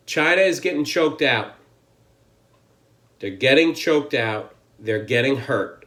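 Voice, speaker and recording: Man, American accent, middle pitch, angry, profane, emphatic political rant. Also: animated, takes it slowly, pauses often, a bit bright. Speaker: channel host.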